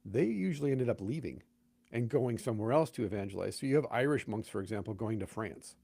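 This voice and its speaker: This man's voice is fairly low, creaky and slightly rough, and he talks fast with no echo around him. As a pastor in a casual podcast chat, he spins stories animatedly, voicing the people he quotes.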